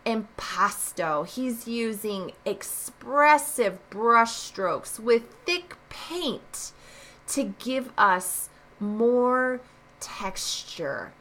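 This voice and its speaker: A woman's voice: on the high side, expressive, very slow, fairly bright tone. A woman art teacher recording a review lesson, explaining each answer and driving points home with short repeated phrases.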